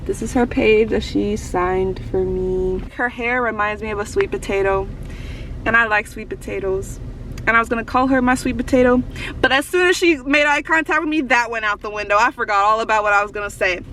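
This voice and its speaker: A woman's voice: a little high, fairly even intonation, brisk, bright, forceful tone, far from the mic, a little hiss or hum, rough recording. A young woman vlogger telling a story in a bubbly, gushing way, full of "like". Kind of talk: casual storytelling to camera.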